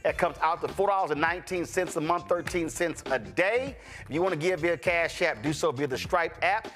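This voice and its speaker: A man's voice: a little high, brisk, a bit bright. A man hosting a talk show, blunt and joking, talking slang and cussing straight to his viewers. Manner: speaks straight to viewers, appeals for support. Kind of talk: unscripted show banter and storytelling.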